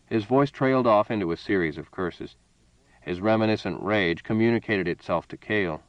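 A man narrating a story in a steady, measured reading voice. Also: lowish voice, dry recording, dull audio. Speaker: audiobook narrator. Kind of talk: scripted narration.

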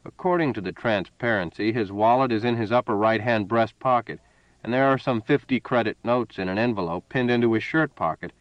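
A man voicing a smooth, menacing male card sharp aboard a spaceship, hearty and boastful, then cold and purring, on a dull, dry recording. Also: medium pitch, fairly quick, dry recording, natural voice.

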